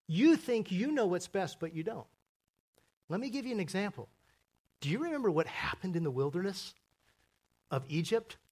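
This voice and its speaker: Male pastor, higher pitch, animated sermon delivery with acted-out scenes. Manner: animated, acts out biblical characters in voices.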